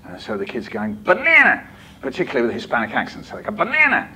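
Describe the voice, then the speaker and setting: A man's voice: lowish voice, racing, a bit bright, a little hiss or hum. A man speaking to a conference of teachers, telling stories with playful put-on voices and leading the audience in a call-and-response poem. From England. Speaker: children's poet giving a storytelling masterclass. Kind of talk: lively storytelling talk to teachers. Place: conference hall.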